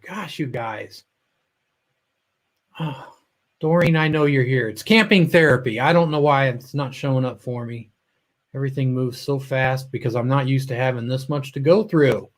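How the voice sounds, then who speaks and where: A man hosting a casual live stream, greeting viewers by name, a little choked up and often trailing off mid-sentence. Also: medium pitch. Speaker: livestream host.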